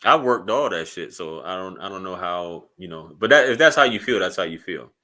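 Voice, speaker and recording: A man's voice: low-pitched, lively intonation, brisk, bright, forceful tone. A man speaking bluntly and profanely in a casual commentary vlog, rambling with frequent restarts. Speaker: YouTube commentator.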